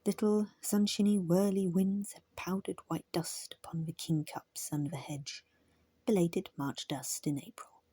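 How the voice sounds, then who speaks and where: A woman narrating a classic storybook in a soft, hushed reading. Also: lowish voice, fairly even intonation, a little slow, breathy edge, no echo. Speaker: audiobook reader.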